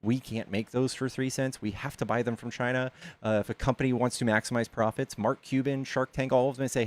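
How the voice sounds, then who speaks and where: A man's voice: mid-range voice, fairly even intonation, brisk, hardly any pauses. Argumentative man hosting a debate. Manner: reasoned, argumentative, many filler likes. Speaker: debate stream host. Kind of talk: casual debate.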